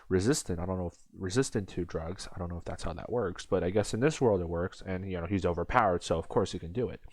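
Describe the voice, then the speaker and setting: A man's voice: low-pitched, a little mellow, no echo. A young man giving a crude, sarcastic, rambling comedic commentary as an anime reviewer.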